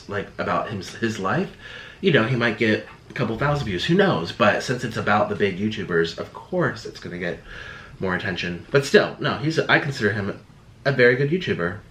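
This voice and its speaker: A man's voice: lowish voice, fairly bright tone. A young man YouTuber talking casually to camera, rambling and defensive, slipping into sarcastic quoted voices. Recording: echoey room.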